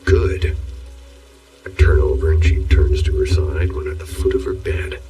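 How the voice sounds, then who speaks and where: Super deep dark-voiced guy reading creepy stories, hushed, sounds far off the mic w faint music. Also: steady tone, brisk, roomy sound. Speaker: horror story narrator. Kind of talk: scripted horror story narration.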